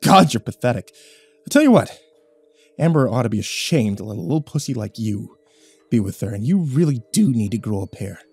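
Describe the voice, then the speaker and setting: A husky-voiced man voicing a cold, threatening soldier husband who mocks his victim, with a dry sound. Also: medium pitch, sing-song, brisk, a little mellow, no echo, faint music behind. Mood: contemptuous. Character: menacing unstable soldier husband, adult man.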